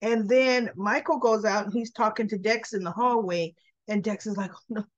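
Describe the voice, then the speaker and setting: A woman giving a casual recap of a soap episode, retelling scenes with lively asides and slipping into the characters' lines. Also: medium pitch, normal speed, no echo, muffled recording. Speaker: soap opera recap vlogger.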